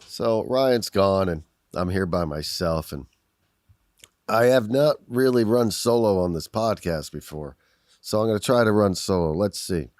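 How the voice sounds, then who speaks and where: A man with a fairly low voice talks on a casual podcast, cracking self-deprecating jokes and riffing loosely. His voice is recorded close and dry, with no echo. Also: lively intonation, a little slow, a little mellow. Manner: jokey, self-deprecating banter. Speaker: podcast co-host. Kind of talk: casual chat.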